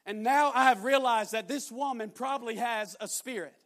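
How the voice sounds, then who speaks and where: A young man delivers a sermon in a notably high voice. He tells his story conversationally and then rises into loud, emphatic preaching. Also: moderate pace.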